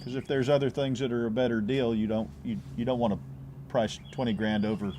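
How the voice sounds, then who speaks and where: A man's voice: mid-range voice, flat delivery, a little fast, dark tone, a little hiss or hum. A man, a real estate agent answering interview questions in an easygoing way, often restarting his phrases.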